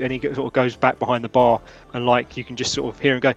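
A man's voice: medium pitch, level tone, fast, gravelly, faint music behind. A man narrating as game master in a rambling, filler-heavy way.

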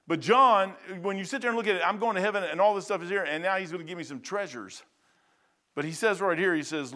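High-voiced folksy preacher man. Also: sharp tone. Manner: folksy, conversational preaching with asides. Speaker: pastor. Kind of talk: sermon.

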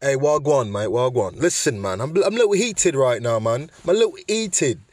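A man's voice: medium pitch, lively intonation, normal speed, darkish tone, soft background music, close to an everyday voice. A man voicing an angry young man in a comedy skit, exclaiming and tagging his lines with "man" and "mate". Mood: heated.

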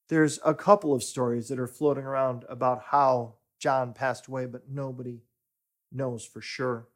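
Man, pastor, sermon, unhurried delivery, somewhat high voice, swells and hushes. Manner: slow, deliberate preaching that swells for emphasis and drops to near-whispers.

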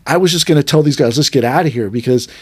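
A man's voice: medium pitch, fast, breathy edge, no room sound. A man who teaches at a martial arts dojo, telling stories casually on a podcast and acting out the voices of his teacher and students. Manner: animated, acts out quotes of his teacher and students. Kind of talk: casual storytelling chat.

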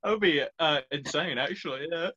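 A young man trades playful banter in a casual chat. His voice is a touch high. The recording sounds dull and somewhat lo-fi. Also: fairly quick, pushed and bright.

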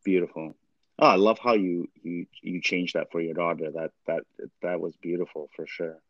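A man hosting an interview, asking questions and giving soft, affirming replies. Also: low voice, fairly even intonation, normal speed, no room sound, highs cut off. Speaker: podcast host. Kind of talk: casual interview.

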